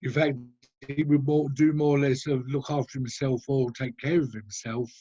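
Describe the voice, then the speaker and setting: A man giving a mediumship demonstration over a video call, halting and hesitant as he describes at length. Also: medium pitch, fairly even intonation, warm tone, slightly rough, highs cut off. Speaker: spiritualist medium.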